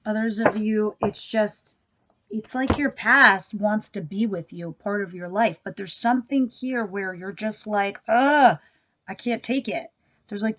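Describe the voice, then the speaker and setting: A woman's voice: medium pitch, a bit bright, no echo. A woman giving a casual tarot reading to her viewers, talking bluntly and chattily with frequent asides. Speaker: tarot reader.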